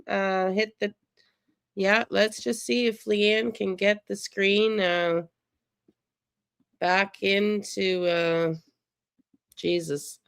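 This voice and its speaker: A woman's voice: mid-range voice, smooth, dry recording, studio quality. A woman hosting a casual live stream, chatty and sympathetic as she answers viewer chat aloud. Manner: emotional, sympathetic. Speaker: livestream host.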